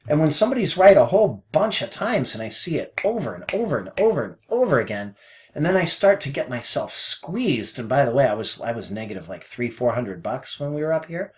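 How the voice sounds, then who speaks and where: A man talking casually as a forex trading mentor, rambling and self-deprecating, swinging between low mutters and loud outbursts, with folksy phrases and mild cursing. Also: big pitch swings, fairly quick. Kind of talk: casual screen-share trading commentary.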